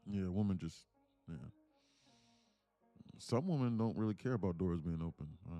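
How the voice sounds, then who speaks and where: Brief: male streamer, low mellow voice, rambling casual storytelling, faint music underneath. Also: animated, moderate pace, lo-fi sound. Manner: rambling, laughs through stories, many fillers. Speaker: livestream host, day trader. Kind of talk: casual live-stream chat.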